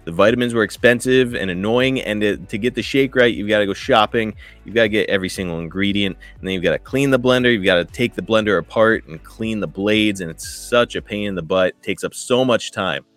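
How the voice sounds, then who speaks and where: A man's voice: on the low side, brisk, hardly any pauses, fairly bright tone, no echo, faint music behind. A man in his thirties hosting a podcast, reading ads and chatting in an enthusiastic, informal way. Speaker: podcast host. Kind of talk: ad read and casual podcast chat.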